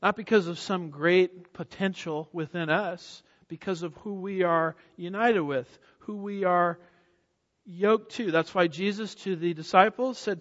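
A man with a high voice delivers an emphatic expository sermon, firing questions at his listeners and answering them. His voice carries through a church sanctuary with a long reverb tail, and the recording sounds somewhat muffled. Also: measured pace, a bit bright. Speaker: preacher.

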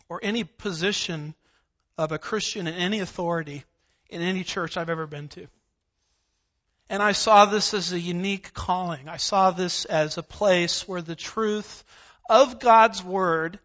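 A man's voice: high-pitched, sharp tone, muffled recording. A male pastor preaching a verse-by-verse sermon in a church, emphatic, with repetition and scripture references. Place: church sanctuary.

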